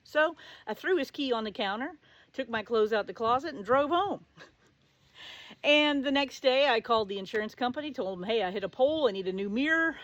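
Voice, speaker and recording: A woman's voice: on the high side, fairly quick, no echo, highs cut off. Sassy middle-aged woman telling a story. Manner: sassy, sarcastic, animated. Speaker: show host. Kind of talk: casual storytelling to camera.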